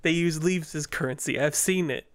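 A man's voice: fairly high pitch, normal speed, slight background noise. A man co-hosting a casual comedic podcast, tossing in joking one-liners. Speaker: podcast co-host.

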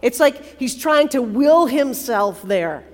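A woman preacher giving a sermon, expressive and prayerful, repeating phrases for emphasis. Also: high-pitched, takes it slowly. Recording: long reverb of a large hall.

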